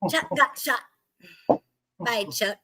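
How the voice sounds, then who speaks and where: A woman's voice: fairly high pitch, lively intonation, slow, pushed and bright, slight background noise. A woman co-hosting a casual chat, telling a joke in a giggly, rambling way and losing her place. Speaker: podcast co-host.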